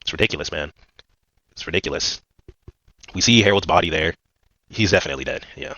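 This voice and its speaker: A man's voice: low voice, lively intonation, a little fast, bright, forceful tone, no room sound, poor audio. A man giving a casual, rambling recap of a manga chapter, full of fillers and slang. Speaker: manga commentator.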